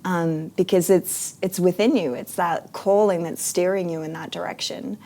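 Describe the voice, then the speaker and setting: Woman guest in an interview, kinda low pitched, earnest and thoughtful, lots of ums. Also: steady tone, normal speed, warm tone. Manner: earnest, reflective, frequent fillers. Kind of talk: casual interview.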